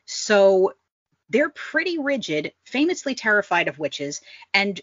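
A woman's voice: medium pitch, big pitch swings, unhurried, fairly bright tone, husky, dry recording. A woman co-hosting a casual history podcast, explaining with wry, dry understatement. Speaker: podcast co-host. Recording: slightly dull, dry home mic.

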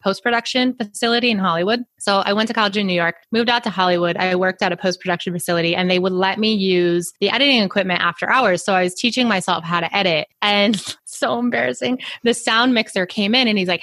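A woman guest on an interview show tells stories with animated energy and frequent laughter. Her pitch is in a middle range. The recording is dry and close. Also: quick pace, hardly any pauses, dry recording. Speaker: guest, author and editor. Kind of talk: storytelling in an interview.

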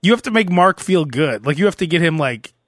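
A male radio host with a slightly raised pitch talks in loose, joking banter. He is brash and swears freely. The sound is dry and close. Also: lively intonation, brisk, a bit bright, no echo. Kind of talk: casual radio banter with role-play bits.

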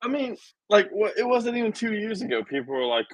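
A man's voice: sits high, brisk, low-quality recording. A man in casual chat, joking and swearing, telling his points with exaggerated mock quotes. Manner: joking, profane, animated storytelling with mock quotes.

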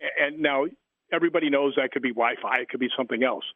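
A man's voice: mid-range voice, fast talker, no room sound. Man telling stories over a phone line. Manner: rambling anecdotes with many fillers and restarts. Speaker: guest, paranormal author. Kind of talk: storytelling in an interview. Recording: tinny phone line, dry.

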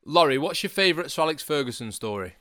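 A man's voice: a little high, animated, fast, bright, forceful tone, dry recording, studio quality. A man hosting a podcast, giving an upbeat, formal scripted introduction. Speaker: podcast host.

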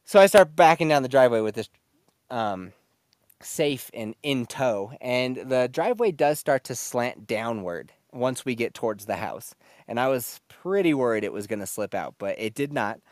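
Podcast host type: man, animated storyteller, swears freely, close dry mic, middle pitch. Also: normal speed, no echo. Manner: profane, laughing, animated retelling. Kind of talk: casual storytelling.

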